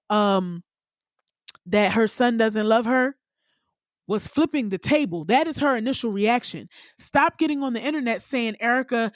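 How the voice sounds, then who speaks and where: A woman hosting her own podcast, talking candidly and with plenty of profanity, her voice leaping up in pitch when she gets worked up. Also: no room sound, clean studio sound. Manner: candid, profane, animated storytelling with sudden pitch jumps. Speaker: podcast host. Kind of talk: casual solo podcast monologue.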